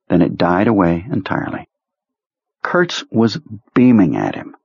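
Husky low-voiced male narrator. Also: wildly swooping pitch, measured pace, darkish tone, dry recording. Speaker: audiobook narrator. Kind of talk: scripted narration. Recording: dull lo-fi dry sound.

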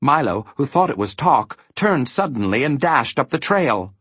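Expressive husky male storyteller. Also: medium pitch, moderate pace, dry recording. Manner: expressive reading. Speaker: narrator. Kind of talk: storybook narration.

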